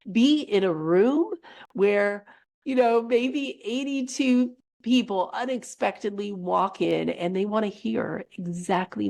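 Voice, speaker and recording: A woman's voice: lowish voice, gravelly, a little mellow. A woman coach giving a monthly energy reading in an earnest, reassuring way, her voice worn from a recent cold. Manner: earnest, reassuring, repeats phrases.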